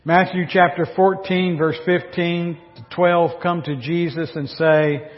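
A man's voice: fairly high pitch, fairly even intonation, measured pace, soft background music. A male pastor preaching a sermon in a wry, joking way, full of rhetorical questions. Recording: dull recording with long hall reverb.

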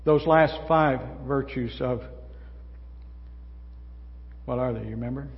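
A man's voice: mid-range voice, slow. An older man, a pastor, preaching a sermon in a folksy, conversational way, often asking the congregation questions. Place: church sanctuary. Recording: muffled sound in a large reverberant hall.

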